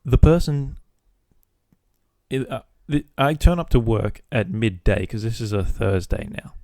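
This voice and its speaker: A man's voice: medium pitch, lively intonation, unhurried, dark tone, no echo, studio quality. A man hosting a podcast, telling a casual story about his workday with swearing, acting out both sides of phone calls. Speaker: podcast host.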